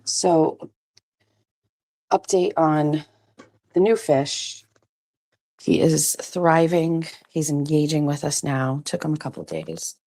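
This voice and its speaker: A woman in her forties chatting casually to camera, slipping into a high cooing voice for her dogs. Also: lively intonation, slow pace, long pauses, dark tone, no room sound. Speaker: vlogger. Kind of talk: casual vlog chat.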